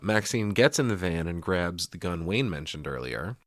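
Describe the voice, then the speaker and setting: A man's voice: low-pitched, lively intonation, normal speed, no echo. A man co-hosting a podcast, casually recapping a horror movie scene by scene with profane jokes and laughter. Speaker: podcast co-host. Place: podcast studio.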